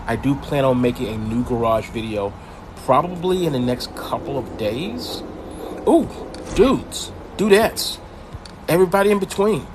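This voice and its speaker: A man's voice: medium pitch, sing-song, unhurried, background noise. An older man casually commenting while he streams a mobile racing game, rambling with lots of ums and restarts. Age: older adult.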